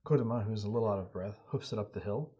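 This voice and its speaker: A man running and narrating a solo tabletop game on stream, telling the story in a relaxed, halting way. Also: on the low side, husky. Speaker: game master and solo player. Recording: dull lo-fi audio.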